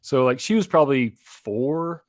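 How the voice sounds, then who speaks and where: A man in his thirties co-hosting a podcast, telling lively family stories in casual chat and acting out his kids' voices. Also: mid-range voice, unhurried, no room sound, studio quality. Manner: animated storyteller, acts out kids' voices. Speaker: podcast co-host.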